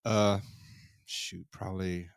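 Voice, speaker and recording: A man's voice: low voice, little pitch movement, slow pace, creaky, clean tone, no echo, clean studio sound. A man chatting as a podcast guest, hesitant and thinking aloud with fillers. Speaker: guest musician. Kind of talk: casual chat. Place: podcast studio.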